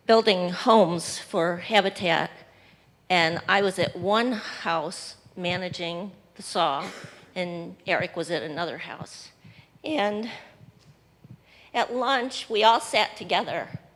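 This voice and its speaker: A woman tells a story at a memorial in an unhurried, drawn-out way, chuckling as she goes. Her pitch rises and falls widely, and the long reverb of a large hall trails behind her words. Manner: slow, lively storytelling, chuckling. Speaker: memorial speaker. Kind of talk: anecdote at a memorial.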